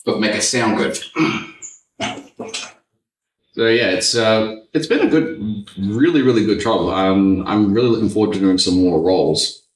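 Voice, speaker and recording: Low-voiced man, echoey room. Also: a little slow, long pauses, far from the mic. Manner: relaxed, rambling storyteller. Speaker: podcast host and voice actor. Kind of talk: casual podcast chat. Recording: echoey room, a bit off-mic.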